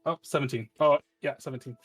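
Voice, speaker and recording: A man playing a tabletop game, speaking in a hesitant, halting way. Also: mid-range voice, steady tone, a bit bright, faint music behind. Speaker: player.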